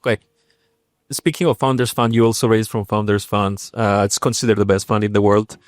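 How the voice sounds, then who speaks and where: A man's voice: fairly low pitch, little pitch movement, dry recording, clean studio sound. A man hosting a live stage interview, cutting in with short questions. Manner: brief, quick interjecting questions. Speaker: host interviewer.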